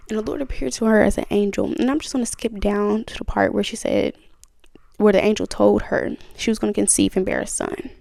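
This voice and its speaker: A woman's voice: mid-range voice, vocal fry, darkish tone, dry recording. A woman hosting her own podcast, telling her story and teaching from the Bible in a chatty, conversational way. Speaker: podcast host. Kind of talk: casual testimony and Bible study talk.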